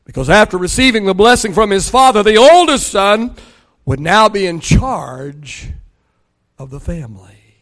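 A man's voice: high voice, a little slow. An older man, a pastor preaching a sermon and telling family stories with acted-out dialogue. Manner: storytelling, acts out dialogue with rising excitement.

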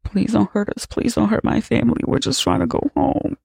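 A man's voice: a little high, huge pitch swings, normal speed, vocal fry, dark tone, breathy edge, no echo, heavily acted. A man voicing a frightened, crying father who begs strangers not to hurt his family. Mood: begging. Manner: pleading, tearful.

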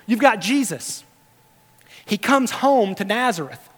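A man preaching from the pulpit with a very high voice. He swings between loud, emphatic lines and quiet, hushed storytelling. His words ring out with a long reverb in a large church sanctuary. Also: expressive, measured pace. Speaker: pastor. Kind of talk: sermon.

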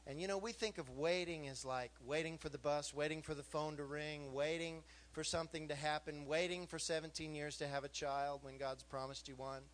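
A man in his fifties preaching a sermon to a congregation, animated and joking, asking the room questions. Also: a little high, fairly quick, few pauses. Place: church hall with a congregation.

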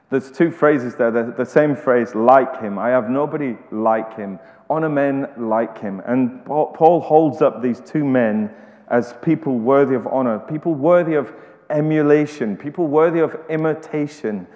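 A man's voice: mid-range voice, a little mellow. A man preaching a sermon in a conversational way, often restarting and repeating words. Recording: echoey hall, slightly dull sound.

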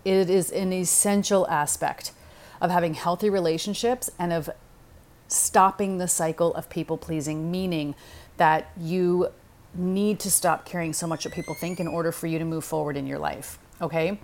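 A middle-aged woman with a slightly low voice gives casual advice. She talks straight to the listener, direct and chatty, and keeps checking in with "okay?" and "right?" along the way. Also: fairly even intonation, moderate pace, darkish tone. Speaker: podcast host.

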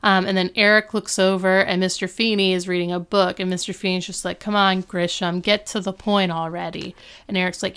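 A woman's voice: fairly low pitch, level tone, fairly quick, fairly bright tone, smooth. A woman casually recapping a TV episode, acting out the characters' lines as she retells the scenes. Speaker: podcast co-host recapping a TV episode. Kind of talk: casual chat.

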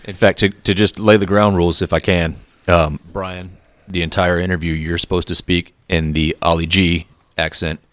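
A man's voice: low-pitched, level tone, moderate pace, hardly any pauses, fairly bright tone, no echo. A man co-hosting a podcast, dryly teasing the guests. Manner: dry teasing. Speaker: podcast co-host. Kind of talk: casual podcast banter.

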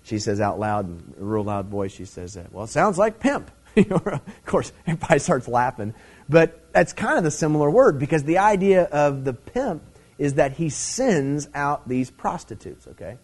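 A man's voice: mid-range voice, sing-song, normal speed, darkish tone. A middle-aged man preaching a Bible teaching sermon in a conversational way, with many fillers, swelling into emphatic stresses.

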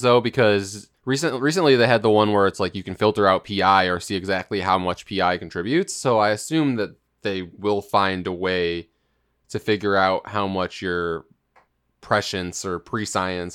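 A man's voice: sits low, steady tone, normal speed, fairly bright tone, smooth. A man co-hosting a casual gaming podcast, talking in a hesitant, rambling way. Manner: rambling, hesitant, with fillers and restarts. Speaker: podcast co-host.

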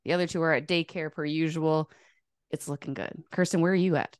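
Woman hosting a hockey podcast, kinda low voice, laughs a lot, dry close mic. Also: steady tone, dry recording. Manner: chatty, quick to laugh. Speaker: podcast host and sports writer. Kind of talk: casual podcast chat.

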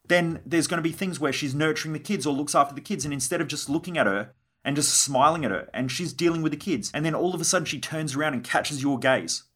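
A man's voice: a little high, quick pace, few pauses, fairly bright tone. A young adult man hosting a solo podcast monologue, blunt and swearing freely as he acts out quoted conversations. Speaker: podcast host.

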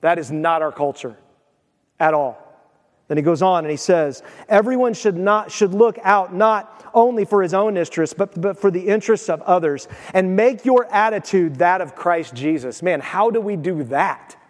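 A high-pitched man preaches to his congregation in a relaxed, conversational way, moving between scripture and everyday stories and often putting questions straight to his listeners. His voice rings out with a long reverb, as if carried through a church sanctuary. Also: moderate pace. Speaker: pastor. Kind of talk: sermon.

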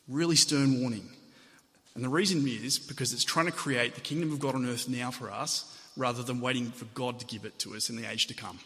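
A man's voice: medium pitch, fairly quick, sharp tone. A man preaching a sermon in a conversational way, with asides and self-corrections. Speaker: pastor. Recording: long hall reverb.

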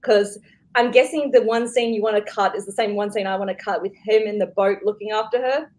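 A woman's voice: medium pitch, fairly even intonation, fairly quick, a little mellow. A woman hosting a podcast in casual chat, curious and asking questions. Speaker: podcast host.

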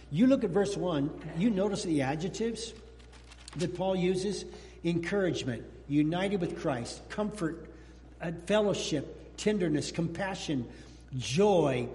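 A pastor in his sixties giving a lively, joking sermon, whooping and breaking into song. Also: sits high, long reverb tail, slight background noise. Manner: animated, jokey preaching with whoops and sung bits.

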